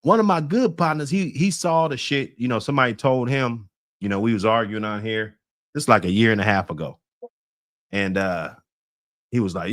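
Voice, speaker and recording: A man's voice: on the low side, fairly quick, fairly bright tone. A man from the United States hosting a casual street talk, laid-back and rambling, often trailing off.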